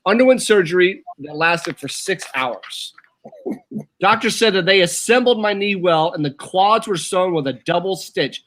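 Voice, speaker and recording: A man co-hosting a casual talk show, chatty and eager, sometimes reading aloud haltingly. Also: high voice, animated, fairly bright tone. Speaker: co-host. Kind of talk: casual chat.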